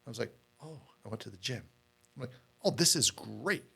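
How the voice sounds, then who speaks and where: A man's voice: medium pitch, lively intonation, a little fast, gravelly, pushed and bright, husky. A middle-aged man, a podcast guest, telling his story in a candid, rambling way with many fillers and repeated words.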